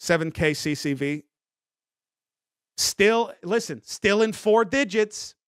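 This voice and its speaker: Flustered, high-voiced streamer man. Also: expressive, takes it slowly, dry recording, clean studio sound. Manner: flustered, defensive rambling with restarts. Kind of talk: improvised comedy bit as a scandal-hit streamer.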